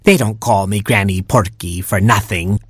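A man's voice: fairly low pitch, normal speed, slightly rough, no room sound, studio quality. A man doing a bossy old porcupine granny. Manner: scolding, wheedling.

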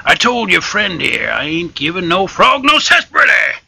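A man voicing a gruff, hostile male saloon barkeep who snarls loudly. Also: high voice, sing-song, moderate pace, no room sound, full character voice. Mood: snarling.

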